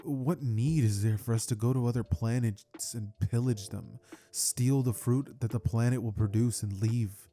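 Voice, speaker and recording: A man's voice: mid-range voice, fairly even intonation, measured pace, mellow, natural voice. A man voicing a young alien boy who talks hesitantly and stammers.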